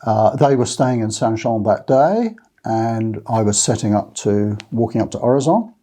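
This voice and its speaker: Australian male vlogger, husky, relaxed, rambling casual chat to camera. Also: lowish voice, normal speed. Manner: rambling, many fillers and restarts. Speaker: Camino walking channel host. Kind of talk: casual talk to camera with notes.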